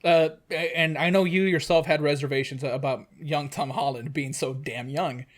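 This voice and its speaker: A young man with a slightly high voice chats casually about a movie, full of stammers, fillers and restarts. He co-hosts the review and talks in an easygoing way. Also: fairly even intonation, normal speed. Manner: hesitant, lots of fillers and restarts.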